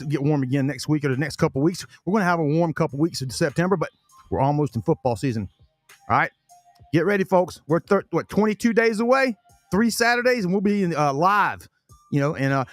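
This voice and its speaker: A man's voice: sits high, no echo. A man hosting a casual sports podcast, talking in a rambling way, often repeating words and eating as he talks. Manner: chatty, repeats himself, talks with his mouth full. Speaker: podcast host.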